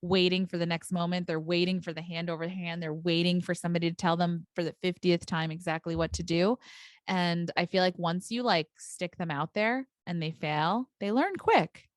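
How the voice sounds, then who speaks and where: A woman's voice: on the low side, fairly even intonation, no echo, studio quality. A young adult woman teacher co-hosting a podcast, talking frankly and emphatically in casual chat. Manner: frank and emphatic, quick asides.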